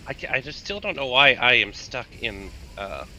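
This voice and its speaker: A man's voice: mid-range voice, animated, moderate pace, bright, forceful tone, a little hiss or hum. A man co-hosting a live gaming stream, making wry joking remarks. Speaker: stream co-host. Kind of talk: casual gaming chat.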